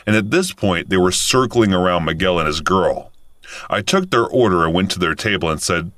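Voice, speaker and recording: A man in his thirties narrating a first-person story in a casual, animated way. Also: low-pitched, normal speed, no room sound, clean studio sound. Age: 30s.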